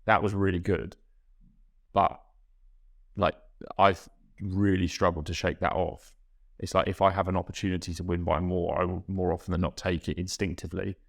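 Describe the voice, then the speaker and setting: A young man, a guest rower, reflecting in a halting, self-correcting way in a casual podcast interview. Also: sits low, level tone, gravelly.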